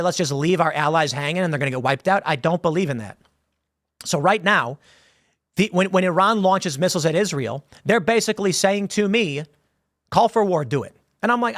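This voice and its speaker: Man, political commentator, emphatic monologue, high-ish voice, dry sound. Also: a bit bright, no echo. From United States. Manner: emphatic, with frequent restarts and quoted asides. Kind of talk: opinion monologue.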